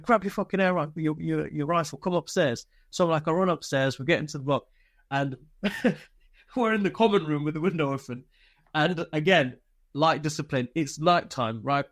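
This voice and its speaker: A man's voice: a little high, no room sound, studio quality. A male army veteran from Britain telling swearing, laughter-filled war stories in a casual interview.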